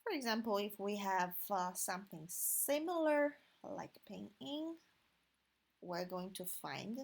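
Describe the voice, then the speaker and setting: A woman whose first language is Chinese teaches pronunciation at a very slow, deliberate pace. She repeats each sound one by one and stretches the tones. Her voice is husky and breathy. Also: medium pitch, expressive.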